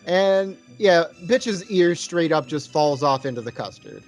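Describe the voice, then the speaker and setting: A man's voice: high voice, measured pace, hardly any pauses, darkish tone, soft background music. A man co-hosting a podcast, casually recapping movie scenes with swearing and stumbles over words. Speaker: podcast co-host. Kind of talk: casual movie-review chat.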